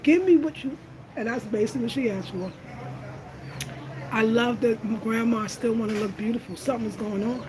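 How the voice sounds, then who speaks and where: A middle-aged woman hosting a casual livestream, telling lively stories to her viewers and laughing often. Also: fairly high pitch, moderate pace, background noise. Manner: animated storyteller, laughs often, addresses viewers as y'all. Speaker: host of a home design channel.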